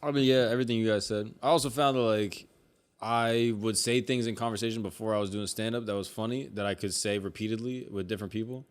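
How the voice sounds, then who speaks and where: A man's voice: on the low side, steady tone, fast, smooth. A male comedian co-hosting a podcast, rambling casually with lots of filler words. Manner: rambling, full of filler likes. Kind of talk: casual chat.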